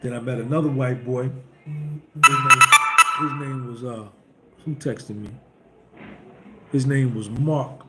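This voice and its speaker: Over loud music, a podcast host with a mid-range voice and fairly even intonation speaks slowly, pausing often, in a casual storytelling monologue. He is blunt, emphatic and preachy, like street talk, and the echoey room carries a faint background hum.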